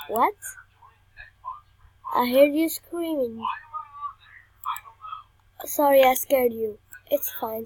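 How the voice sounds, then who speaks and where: Young woman, gamer, high voice, slow delivery, playful, reads game text aloud. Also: darkish tone, husky, poor audio. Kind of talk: game commentary.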